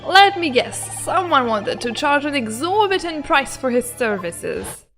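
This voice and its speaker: A woman reading the lines of an earnest young male lawyer, polite and deliberate. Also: high-pitched, very animated, a bit bright, faint music behind, full character voice. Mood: curious.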